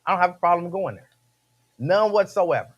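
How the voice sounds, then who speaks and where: A man's voice: high-pitched, lively intonation, fairly quick, husky, lo-fi sound. A man hosting a radio show, talking casually and emphatically, repeating his phrases and laughing between points. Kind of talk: casual talk-radio monologue.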